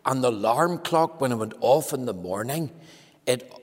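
Male preacher, children's address; animated, slightly husky, reverberant hall. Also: normal speed. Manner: animated storytelling, lively pitch.

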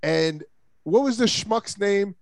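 A man's voice: sits high, lively intonation, takes it slowly, creaky, dry recording. Fired-up, opinionated sports-talk man. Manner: opinionated, emphatic, stumbling restarts. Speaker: podcast host.

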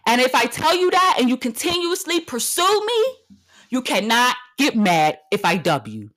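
A woman's voice: high voice, big pitch swings, normal speed, a bit bright. A woman in her thirties rants like a podcast host and talks straight into the mic. She is brash and confrontational. She swears freely and repeats short lines over and over for punch. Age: 30s. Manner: blunt and confrontational. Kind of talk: comedic rant monologue.

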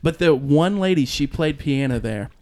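A man's voice: a little high, normal speed. A young man in casual chat, telling a childhood story with lots of laughter. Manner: animated, laughs often, acts out quoted voices.

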